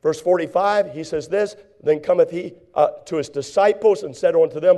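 A man preaching a sermon, acting out voices and swinging from loud, drawn-out scripture reading to hushed asides. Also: sits high. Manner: reads scripture in slow drawn-out tones.

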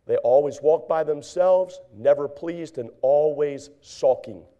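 Male preacher, high and mellow, animated sermon delivery with loud acted-out voices and hushed asides. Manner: reads scripture in slow drawn-out tones.

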